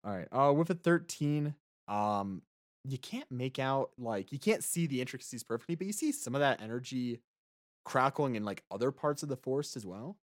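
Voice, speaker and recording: A man's voice: medium pitch, lively intonation, moderate pace. A man narrating and voicing characters as game master of a tabletop game, with a hesitant manner. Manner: hesitant, lots of ums and restarts.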